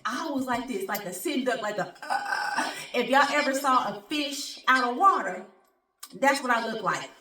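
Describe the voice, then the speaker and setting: A woman hosting her own show, telling a personal story in an animated, colloquial way and speaking straight to her audience. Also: high voice, normal speed. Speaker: show host. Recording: roomy sound, distant from mic.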